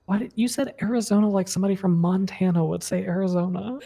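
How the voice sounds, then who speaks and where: A player chatting casually during a game, trading quick, teasing banter. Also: mid-range voice, vocal fry, dark tone, slightly rough. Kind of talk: casual chat.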